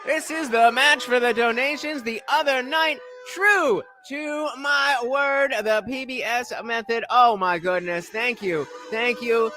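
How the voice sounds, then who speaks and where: A man hosting a live stream, reacting to a clip and excitedly thanking donors, sometimes breaking into shouts. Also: very high voice, a little slow, hardly any pauses, faint music behind. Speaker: livestream reaction host. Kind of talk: casual live-stream chat.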